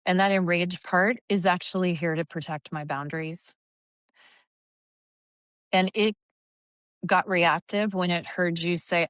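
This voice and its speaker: Low-pitched woman therapist, dry close sound. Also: a little slow, pauses often, dry recording. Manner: animated, acts out hypothetical angry lines. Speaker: therapist guest. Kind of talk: conversational interview.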